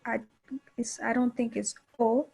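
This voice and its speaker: A woman's voice: a little high, level tone, measured pace, vocal fry, a little mellow, husky. A female student on a video call, answering tentatively and hesitantly.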